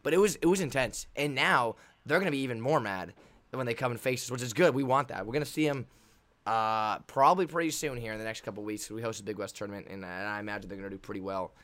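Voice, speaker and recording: A young man hosting a podcast, telling a story in an animated, excitable way with many restarts. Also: medium pitch, fast. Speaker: volleyball player and podcast host. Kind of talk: casual storytelling.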